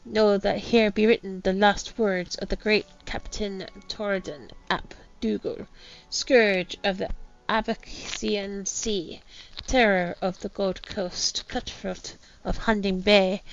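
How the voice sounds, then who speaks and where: A woman voicing a boastful old male pirate captain in a put-on pirate accent, reading his journal aloud in slow, rough slang. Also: medium pitch, lo-fi sound.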